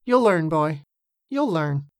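Lady doing a stubborn grumpy boatman, talks down to the kid, low-ish and dry. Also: very animated, slow, no echo, exaggerated voice. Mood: taunting. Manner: stubborn, condescending. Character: stubborn grudging older boatman, cowardly.

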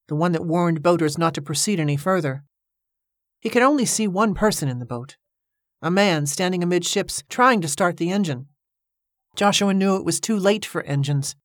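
A woman narrating an audiobook in a steady, measured storytelling manner, recorded on a close microphone. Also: on the low side, no echo.

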